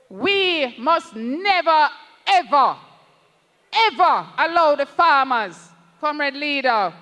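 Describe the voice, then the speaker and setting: A high, bright Jamaican voice gives a political rally speech, impassioned and emphatic, pressing each point to the leader beside them. The words come slowly and deliberately. The sound rings through a long, echoey reverb. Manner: impassioned, slow and emphatic, repeatedly addresses the party leader. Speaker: parliamentary candidate at a party rally.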